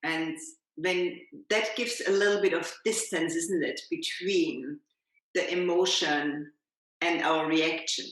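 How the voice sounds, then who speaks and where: Brief: woman yoga teacher guest, lowish voice, gentle reflective talk, very echoey room. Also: fairly even intonation, slow. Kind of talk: reflective conversational chat.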